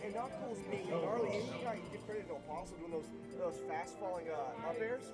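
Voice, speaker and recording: A man's voice: high-pitched, fairly quick. A man doing casual, slangy color commentary on an esports match, openly favoring one player. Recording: music and loud crowd behind. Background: music and cheering crowd.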